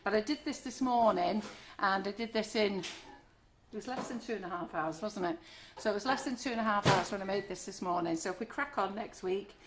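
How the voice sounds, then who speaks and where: A middle-aged woman with a mid-range voice talks a little fast while demonstrating cake decorating in a live online class from her home kitchen. She's chatty and friendly, talking as she works, with background noise audible.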